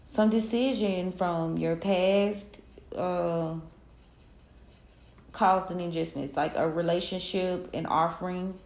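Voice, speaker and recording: Slangy, gravelly-voiced woman tarot reader. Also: lowish voice, darkish tone, echoey room. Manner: loose, slangy pep-talk delivery with frequent laughs. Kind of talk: casual collective tarot reading.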